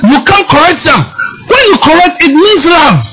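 A man preaching a sermon, forceful and emphatic, often shouting. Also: very high voice, lively intonation, normal speed, poor audio. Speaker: pastor.

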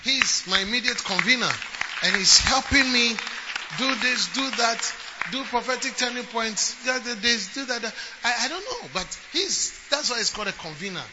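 A man preaching a sermon as a bishop, building from talk into emphatic shouts. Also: very high-pitched, normal speed, crowd noise. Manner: emphatic preaching, rising to shouts and acting out quotes. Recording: lo-fi with steady background noise.

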